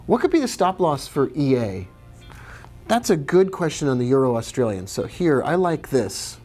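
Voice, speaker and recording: A man of middle pitch hosts a live trading stream in a relaxed, chatty way. He greets viewers by name and answers their questions as he talks through the charts. Soft music plays faintly in the background. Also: normal speed.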